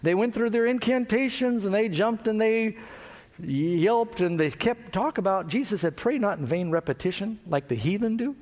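A man preaching a sermon, telling a Bible story with lively storytelling and acted-out chants. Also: high-pitched, normal speed. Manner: animated storytelling, acts out chants and mockery. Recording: long reverb of a large hall.

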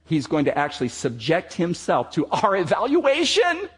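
A man preaching a sermon to a gathered audience, emphatic and slowing down on his key words. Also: on the high side, wildly swooping pitch, fairly bright tone, breathy edge.

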